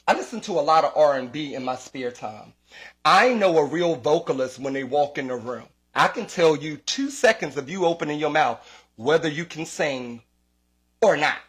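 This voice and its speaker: Man, high voice, comedian, casual rant, profane, repetitive, animated. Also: moderate pace, husky. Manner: profane, animated, repeats himself.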